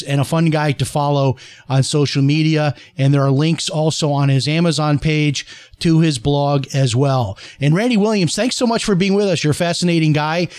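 A man's voice: fairly high pitch, a little mellow, no echo. A man hosting a talk show interview, friendly and promoting his guest's books.

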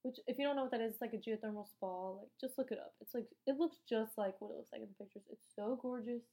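A teenage girl rambling through a travel story, her voice pitched a little high yet soft and mellow. She swears freely, drops slang and acts out every exchange in quick voices. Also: poor audio. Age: late teens. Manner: profane, chatty, slangy; animated, acts out dialogue. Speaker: vlogger. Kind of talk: casual storytelling.

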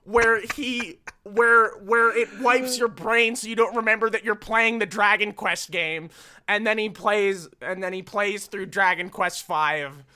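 Rambling, profane podcast host, bright tone, casual film chat. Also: mid-range voice, steady tone, unhurried, smooth.

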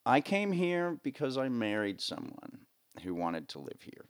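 A middle-aged American man who works as a live sound rigger rambles through stories in a casual interview, using lots of fillers and doing animated voices when quoting. His voice is medium-pitched and clean-toned, and he speaks a little slowly.

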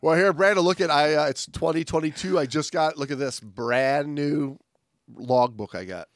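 Chill podcast guy, kinda high voice, lots of uhs, dry mic. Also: no echo. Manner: relaxed, easygoing, fills pauses with uh. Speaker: scuba diving podcast co-host. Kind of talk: casual chat.

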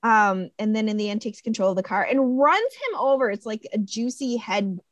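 Animated woman acting out movie scenes. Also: moderate pace, dry recording. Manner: animated, acts out scenes in high voices. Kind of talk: casual movie discussion.

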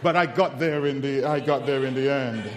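A man preaching a sermon, telling funny personal stories in an animated, self-mocking way before reciting scripture. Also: medium pitch, normal speed, noisy background. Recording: echoey hall with long reverb.

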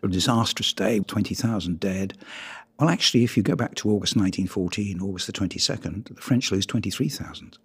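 A husky, fairly low-voiced man from Britain presents his photographs to an audience. He speaks earnestly and with measure, pushing hard on the words that matter. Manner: earnest, measured, with emphatic rises on key words. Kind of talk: illustrated public talk.

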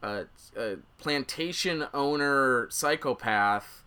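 A man hosts a casual film podcast, his voice bright and forward. He rambles, restarts sentences and circles back on his points as he talks. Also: slow, clean tone. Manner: rambling, many restarts, quotes scenes in a high voice. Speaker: podcast host.

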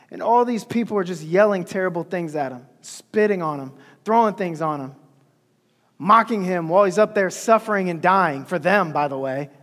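High-voiced preacher in an echoing hall. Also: male voice. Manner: emphatic, repeating key phrases for effect. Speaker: pastor. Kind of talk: sermon. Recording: echoey hall.

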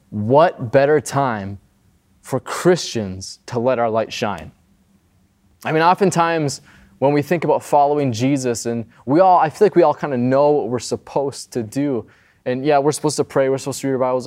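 A pastor giving a casual, conversational sermon, often checking in with the listener. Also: male voice, mid-range voice, darkish tone. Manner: conversational, often adds "right?".

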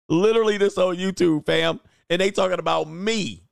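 A middle-aged man talks through his commentary in a loose, slangy, sermon-like way, breaking into laughter now and then. His voice sits at an ordinary pitch. The room sound is dry and close. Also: vocal fry, no echo. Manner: slangy, preachy, laughing asides. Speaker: host. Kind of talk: casual commentary.

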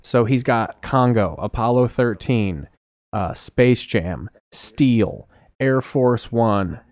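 A man's voice: medium pitch, takes it slowly, darkish tone, dry recording. A man co-hosting a casual movie commentary podcast, blunt and crude, reading off trivia. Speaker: podcast co-host.

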